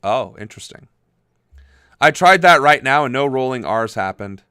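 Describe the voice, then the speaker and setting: Recorded dry with clean studio sound, a young man with a mid-range voice hosts a political livestream at a moderate pace. His tone is animated, pushed and bright, clear and resonant as he rambles through chat messages, laughing easily and using plenty of fillers.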